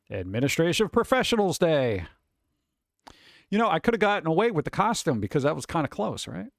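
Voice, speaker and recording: A man's voice: a little high, creaky, dry recording, clean studio sound. A man rambling casually on a live stream, reading out list items and riffing on them in an offhand way.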